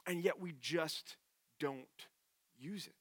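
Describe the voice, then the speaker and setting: A man's voice: on the high side, slow pace, breathy edge, dry recording, clean studio sound. A man preaching a sermon in an earnest, conversational way. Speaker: pastor.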